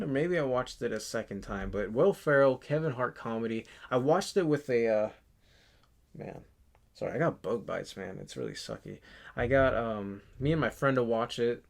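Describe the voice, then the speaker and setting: A man in his twenties chatting casually in a vlog, rambling and halting with lots of fillers and restarts. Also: medium pitch, vocal fry. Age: 20s. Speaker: channel host. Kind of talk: casual movie collection vlog.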